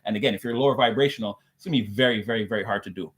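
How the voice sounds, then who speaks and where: A man's voice: lowish voice, rapid-fire, a bit bright. A man delivering a loose, rambling spiritual message to his viewers, repeating "again" and circling back on his points. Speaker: spiritual reader.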